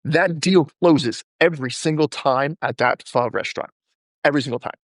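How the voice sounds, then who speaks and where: A man's voice: on the high side, normal speed, no echo, clean studio sound. A male podcast host telling stories in a casual interview chat and acting out the people he quotes. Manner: animated, acts out quoted people in his stories.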